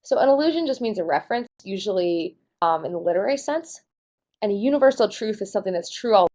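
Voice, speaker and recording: A woman's voice: mid-range voice, animated, fast, warm tone. A young woman, a test prep tutor, explaining answer choices in a casual, lightly self-mocking way.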